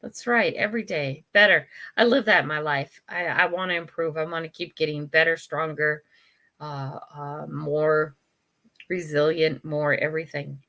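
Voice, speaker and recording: A woman's voice: low-pitched, fairly even intonation, normal speed, pushed and bright. An older woman hosting a casual livestream, reading and answering viewer comments in a frank, chatty way, laughing often and breaking off to apologize. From United States. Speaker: livestream host.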